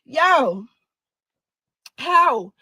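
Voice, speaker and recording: A woman's voice: high voice, sing-song, drawn-out words, bright, forceful tone, dry recording, low-quality recording. A young woman speaking out as a grieving mother, raw, angry and exhausted, swearing and repeating herself. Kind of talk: emotional monologue to camera.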